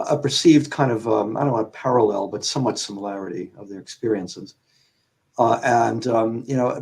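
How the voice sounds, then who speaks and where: Low gravelly male author, measured. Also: darkish tone, poor audio. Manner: measured, academic, hesitant with fillers. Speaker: author and panel guest. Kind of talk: radio panel discussion.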